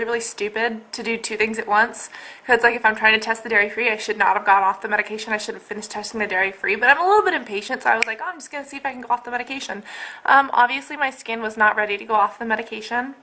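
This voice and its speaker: A young woman records a casual update at home, speaking straight to her camera. Her voice sits a little high and rings bright and sharp. She rambles in an exasperated way and fills her sentences with "like". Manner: rambling and exasperated, many fillers like "like". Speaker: vlogger. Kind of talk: casual personal video update. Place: at home, indoors.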